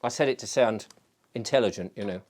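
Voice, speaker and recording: A man's voice: on the low side, fairly quick, a little mellow. An Englishman chats alone in a loose, wandering way, drifting from one thought to the next. He pokes fun at himself and keeps the talk light, smoking a pipe at home as he goes. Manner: rambling, self-mocking, digressive. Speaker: show host. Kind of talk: casual solo chat.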